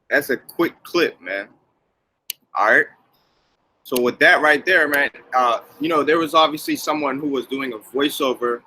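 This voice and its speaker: Brief: male commentator, casual preaching tone, bright forceful voice, loose filler-heavy delivery. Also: mid-range voice, slight background noise, poor audio. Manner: casual, repeats "man" and "okay". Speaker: religious commentator.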